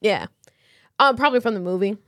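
A woman's voice: medium pitch, fairly quick, a bit bright, dry recording, clean studio sound. A woman co-hosting a podcast, telling a story in casual chat with slang and lots of fillers. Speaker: podcast co-host.

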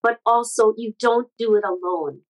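A middle-aged woman from the Midwest, a guest speaker sharing personal stories in an interview, earnest and animated. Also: fairly high pitch, moderate pace, rough recording. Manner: earnest, animated storyteller with frequent restarts. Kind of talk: conversational interview storytelling.

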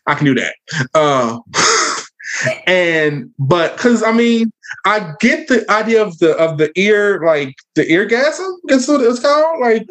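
A man's voice: sits high, very animated, slow pace, a bit bright. A man on a casual discussion panel, rambling and repeating words, playfully judging. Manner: rambling, repeats words while searching for them. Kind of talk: casual group chat.

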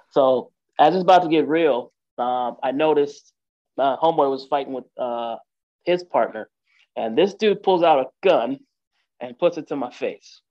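Male storyteller, gravelly and rough at the edges, casual and rambling, dull lo-fi recording. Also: mid-range voice. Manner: loose and conversational, with frequent fillers and "right?" checks.

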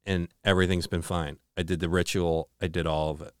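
Man with a smooth, lowish voice. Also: flat delivery, no echo, studio quality. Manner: earnest, halting retelling with frequent restarts; slows and drops to a low hush on dramatic moments. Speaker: podcast co-host. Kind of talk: casual storytelling chat.

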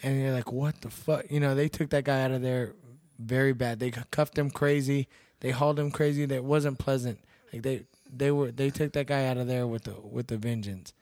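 A man's voice: medium pitch, steady tone, brisk, hardly any pauses, a little mellow, no echo. A young man from Texas, a guest telling stories in a casual podcast chat, blunt and laid-back, swearing freely. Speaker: podcast guest, bouncer and MMA fighter.

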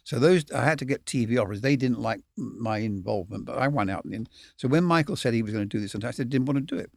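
An older film cameraman, appearing as a guest, tells rambling, candid anecdotes in an expressive, medium-pitched voice with vocal fry and a quick pace. He swears casually and chuckles along, and there's no echo.

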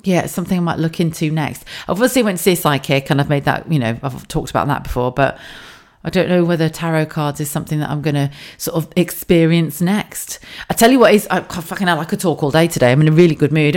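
A low-pitched woman with an English accent talks through a casual solo podcast from her home office. She is chatty and open, drops swear words freely, and often breaks into laughs. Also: brisk, darkish tone. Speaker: podcast host.

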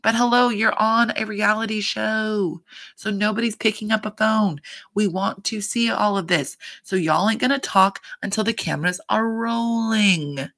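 Chatty gossip recap host, lots of "like" and "you know", sharp tone with some fry. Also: mid-range voice, moderate pace. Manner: chatty, profane, full of fillers.

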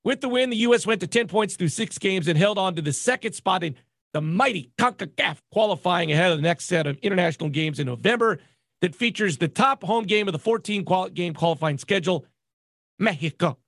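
A man co-hosting a sports podcast, excitable and mock-indignant in casual banter. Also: high-pitched, a little fast, no echo, clean studio sound. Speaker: podcast co-host.

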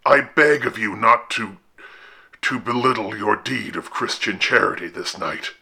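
A man reading an audiobook horror tale, voicing a sorrowful, pious castaway who speaks slowly and haltingly in a hushed, gravelly voice. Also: fairly low pitch, full character voice. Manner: slow, halting, subdued delivery.

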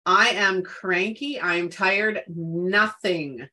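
A woman's voice: fairly low pitch, takes it slowly, bright, forceful tone. A woman co-hosting a casual wellness chat, who talks emphatically and repeats words for stress. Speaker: podcast co-host.

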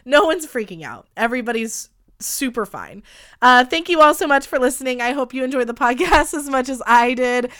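A woman's voice: high-pitched, animated, fairly quick, few pauses, fairly bright tone. A woman in her twenties hosting a solo podcast in casual chat, candid and chatty, swearing freely and dropping lots of likes. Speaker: podcast host.

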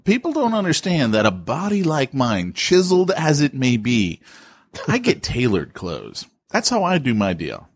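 A man co-hosting a podcast, chatting casually with teasing, deadpan boasts and many fillers. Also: medium pitch, moderate pace, slightly rough, no echo. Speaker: podcast co-host. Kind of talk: casual chat.

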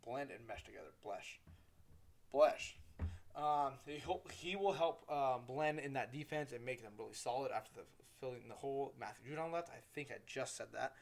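A young man hosting his own casual sports podcast, rambling, correcting himself and swearing freely. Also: mid-range voice. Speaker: solo podcast host.

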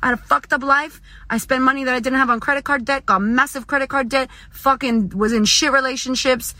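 A woman talks straight into the mic from her car, cursing freely as she gives a motivational monologue. Her voice sits a little high and rings bright and forceful, with a close, dry sound and almost no room around it. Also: fairly even intonation, a little fast, no room sound. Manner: blunt, profane, emphatic. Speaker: motivational speaker.

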